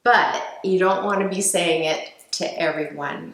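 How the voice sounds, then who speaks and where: Slow, gentle woman in an echoey room. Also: fairly low pitch, animated. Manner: slow, gentle, with frequent fillers and restarts. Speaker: speaker on emotional healing. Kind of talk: reflective teaching talk.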